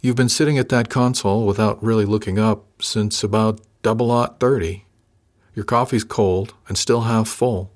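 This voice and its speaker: A man's voice: on the low side, close to an everyday voice. A man voicing a wry young female ship officer who teases with a drawl in a science fiction audiobook. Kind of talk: audiobook character voice.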